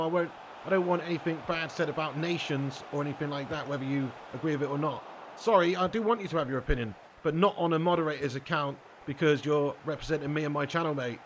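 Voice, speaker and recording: A man chatting through a live game stream, his voice sitting on the higher side. He jokes with viewers, reads their messages out and swears casually as he plays. A faint noise runs underneath. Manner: banters with chat, reads out comments, swears casually.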